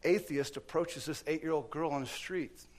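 In a church, a man delivers a sermon, telling stories with acted-out quotes and swinging between loud and hushed speech. His voice sits on the high side, and he speaks at a normal speed.

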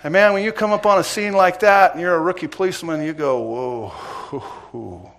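Dramatic ex-cop preacher, loud to hushed. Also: male voice, high voice, quick pace. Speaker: preacher, former police officer. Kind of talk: sermon with personal story.

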